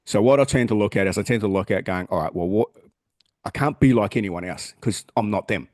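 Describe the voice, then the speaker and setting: With a lowish, darkish voice and a slightly quick pace, an Australian man co-hosts a podcast in casual conversation. He is blunt and earnest and swears freely, and the studio-quality recording has no echo.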